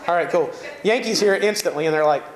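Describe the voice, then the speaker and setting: A man with a Southern American accent preaching a sermon, animated and conversational, with jokes and asides to the congregation. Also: on the high side, quick pace, echoey room, crowd noise. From Southern United States. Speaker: pastor.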